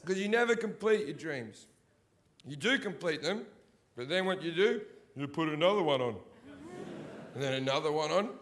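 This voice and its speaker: A man in his thirties doing a stand-up comedy set in a big theatre, with a profane, ranting delivery that often swells into shouting. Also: a little high, expressive, moderate pace, long pauses. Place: large sold-out theatre.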